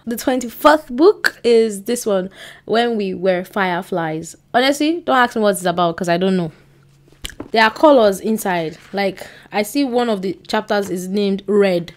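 Young woman vlogging at home, chatty and rambly, mid-pitched voice, camera mic. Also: moderate pace. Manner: chatty, rambling, with excited bursts and quiet trailing asides. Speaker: book vlogger. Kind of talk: casual chat to camera. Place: indoors at home by a bookshelf.

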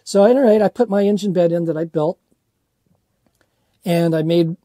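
A man's voice: sits high, moderate pace, mellow, no room sound. A man telling a rambling, self-deprecating story about his first boat, full of fillers and restarts. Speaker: sailing vlogger. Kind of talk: casual storytelling.

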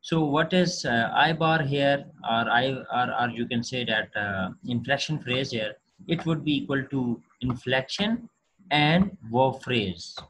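A man giving a recorded linguistics lecture, talking haltingly with many fillers and restarts. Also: mid-range voice, a bit bright, breathy edge, rough recording.

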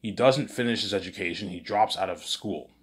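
A man's voice: lowish voice, brisk, breathy edge. A man telling a rambling story, stumbling over repeated words and swearing freely. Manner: repeats words and keeps saying "you know what I'm saying". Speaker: vlogger pitching a movie idea.

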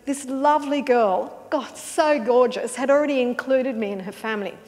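A woman's voice: a little high, moderate pace, hardly any pauses, darkish tone, big-room sound. An Australian woman, a flautist, narrating a personal story in a wry, amused way.

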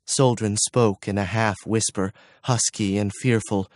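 A man reading fantasy audiobook narration in a measured, even storytelling manner on a close mic. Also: on the low side, dry recording. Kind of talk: scripted narration.

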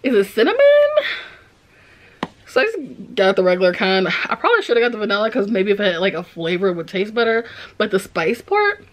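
Animated woman vlogger with a lively voice. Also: mid-range voice, fairly quick. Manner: animated, dramatic, squeamish. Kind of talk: casual vlog chat to camera.

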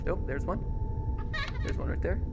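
A woman giving live, jokey commentary while playing a game, reacting out loud and cheering at wins. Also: normal speed, slight background noise. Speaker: game streamer.

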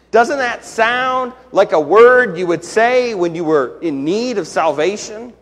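High-voiced pastor preaching in a reverberant church. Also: male voice. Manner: earnest, rising to emphatic questions. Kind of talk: sermon. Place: church sanctuary. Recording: long church hall reverb.

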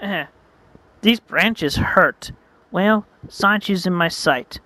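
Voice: mid-range voice, slow pace, sharp tone, no room sound. A home narrator voicing a gloating, sneering male henchman. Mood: sneaky. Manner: gloating, mocking.

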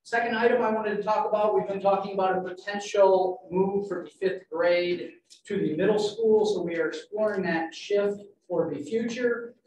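A school administrator, a man with a high-sitting voice at normal speed, steadily and methodically takes a board through an update point by point at a public meeting. It's an informational presentation captured from far off in a large, very echoey meeting room with faint noise.

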